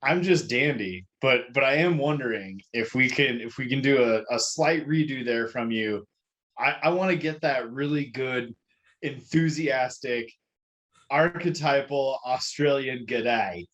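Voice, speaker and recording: A man co-hosting a casual podcast, explaining things in a measured way with a lot of ums and restarts. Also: mid-range voice, fairly bright tone, lo-fi sound. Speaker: podcast co-host.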